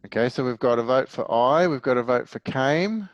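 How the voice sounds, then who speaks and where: A man's voice: mid-range voice, lively intonation, normal speed, no room sound, muffled recording. Aussie guy explaining music theory, patient, asks the class stuff, dry close sound. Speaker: music teacher. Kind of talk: online music theory lesson.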